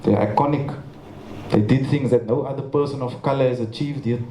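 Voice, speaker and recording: A man's voice: mid-range voice, fairly even intonation, brisk, crowd noise. Earnest Cape Town man, echoey hall. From South Africa. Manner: earnest storytelling with stammers. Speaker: memorial speaker. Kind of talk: memorial tribute speech. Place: large memorial venue. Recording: echoey hall with faint ambience.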